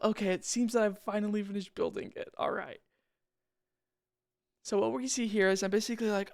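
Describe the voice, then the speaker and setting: A man's voice: high-pitched, level tone, brisk, gravelly. A young man giving casual, rambling commentary over his own game footage, slangy and self-deprecating. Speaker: gaming channel host.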